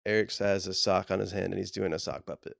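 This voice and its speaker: A man co-hosting a podcast, trading deadpan, profane jokes in casual banter over a remote call. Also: low-pitched, quick pace, creaky, no echo, studio quality. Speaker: podcast co-host. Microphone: remote call mic.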